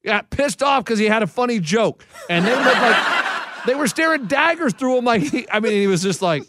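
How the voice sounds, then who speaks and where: A man's voice: very high voice, expressive, normal speed, pushed and bright. A man co-hosting a podcast, telling rambling anecdotes full of restarts in casual chat. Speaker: podcast co-host.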